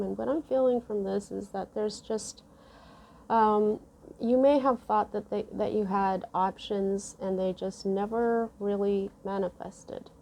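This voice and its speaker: A woman giving a casual tarot reading, musing slowly with many fillers and restarts. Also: mid-range voice, vocal fry, a little mellow, slight background noise. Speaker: tarot reader.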